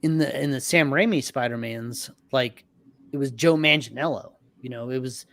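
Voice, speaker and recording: A man co-hosting a casual livestream chat, excitable, swearing freely and laughing often. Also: mid-range voice, normal speed, no room sound, studio quality. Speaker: podcast co-host.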